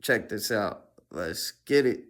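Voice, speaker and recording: A man's voice: lowish voice, lively intonation, slow pace, a bit bright. A man hosting a casual reaction stream, laid-back, full of fillers. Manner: laid-back, lots of fillers like "you know what I mean".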